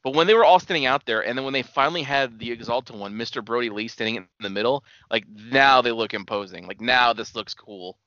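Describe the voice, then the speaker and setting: A man's voice: mid-range voice, a little fast, hardly any pauses, sharp tone, no echo, muffled recording. A man co-hosting a casual wrestling podcast, laid-back and agreeable. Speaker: podcast co-host. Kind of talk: casual wrestling recap chat.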